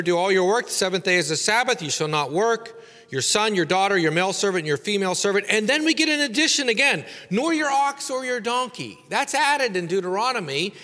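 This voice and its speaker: Bright-voiced man teaching in a hall. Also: high voice. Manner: explanatory, with fillers and rhetorical questions. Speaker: Bible teacher. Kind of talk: lecture on scripture.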